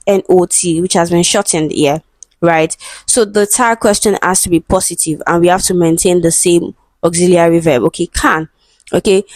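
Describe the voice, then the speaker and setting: A woman's voice: on the low side, a little mellow, no room sound. A woman teaching an exam-prep English lesson, patiently working through answer options, saying words aloud and spelling them out, with frequent "okay" and "right?" checks. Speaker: English tutor.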